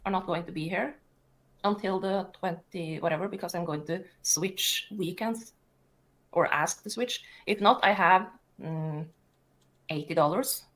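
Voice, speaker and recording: A woman's voice: lowish voice, measured pace, fairly bright tone, low-quality recording. A woman talking casually on a livestream, defensive and dismissive. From Norway.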